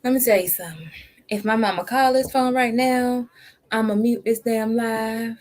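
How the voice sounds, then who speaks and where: A woman's voice: a little high, fairly even intonation, normal speed, darkish tone. A woman hosting a reaction video, talking bluntly and emphatically. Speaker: reaction channel host. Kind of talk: casual commentary.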